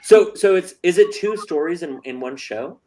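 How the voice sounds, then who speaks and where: A man's voice: on the high side, expressive, normal speed, warm tone. A man hosting a casual chat interview, joking and chatty with plenty of fillers. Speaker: host.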